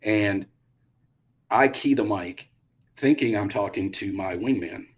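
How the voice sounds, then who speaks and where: Middle-aged male guest, low-pitched, animated storyteller who acts out dialogue. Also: slow. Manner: animated, acts out quotes with bursts of loudness. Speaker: guest, retired Army pilot. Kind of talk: casual interview storytelling.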